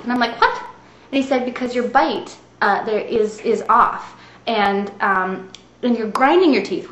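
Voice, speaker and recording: A woman in her thirties, with a mid-range and fairly bright voice, casually tells a rambling story to the camera. She's chatty and laughs often. The room is echoey with a faint hiss.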